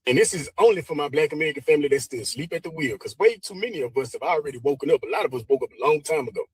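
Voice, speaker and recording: A man with a fairly high, husky voice talks straight at his listeners in an opinionated commentary. He is pleading and preachy in tone. The recording is dry. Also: animated, very fast, dry recording. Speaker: co-host.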